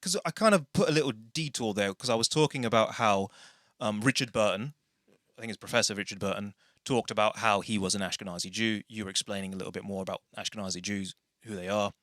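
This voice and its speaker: A man's voice: lowish voice, fast talker, a bit bright, no echo, studio quality. A man hosting a casual podcast, rambling through tangents and correcting himself as he goes. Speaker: podcast host.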